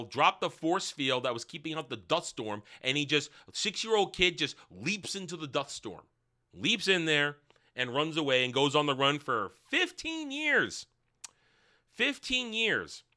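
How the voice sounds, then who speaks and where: A sarcastic man rambles through a casual show recap with profane asides. His voice is sharp and forceful, and his pitch swings in a lively way. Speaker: TV review host. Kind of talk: casual spoken review recap.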